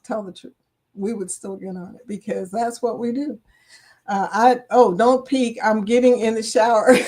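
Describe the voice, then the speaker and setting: A chatty older woman with a lilt hosts a casual livestream, reading out viewers' names and laughing easily. Her voice sits a little high for a woman. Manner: chatty, laughs often, greets viewers by name. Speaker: livestream chat host.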